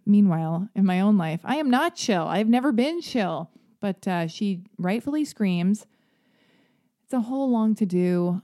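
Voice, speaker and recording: Rambling, mellow-voiced woman podcast host. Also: moderate pace. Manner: rambling, self-deprecating storyteller; jumps into high, animated voices when quoting people. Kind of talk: casual solo podcast monologue.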